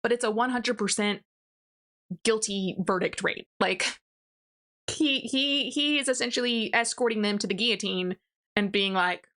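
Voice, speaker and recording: A young woman walks through a novel's plot in a ranting review. She sounds casual and exasperated and loads her talk with fillers and sarcastic asides. Her voice is bright and forceful. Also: medium pitch, moderate pace. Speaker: book reviewer. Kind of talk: ranting book review recap.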